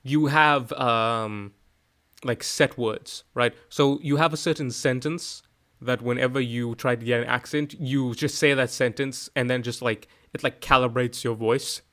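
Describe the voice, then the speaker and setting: A young man streams from home in casual chat, excitable and rambling, swearing often and restarting sentences. His voice is medium-pitched and his pace a little slow.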